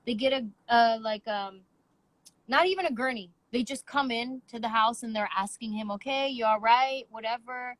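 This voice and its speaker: A woman in her thirties hosting a podcast, telling a story in casual chat with emphatic, animated delivery. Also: fairly high pitch, normal speed, no room sound, low-quality recording. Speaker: podcast host.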